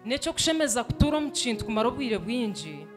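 Very high fast male church interpreter. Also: big pitch swings, over music. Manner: quick, echoing the preacher phrase by phrase. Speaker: sermon interpreter. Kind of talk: live interpretation of a sermon. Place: church hall.

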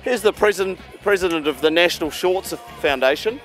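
Deadpan man in mock-solemn commentary. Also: sits high, fairly quick, soft background music. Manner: deadpan, mock-serious, absurd. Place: outdoor racecourse.

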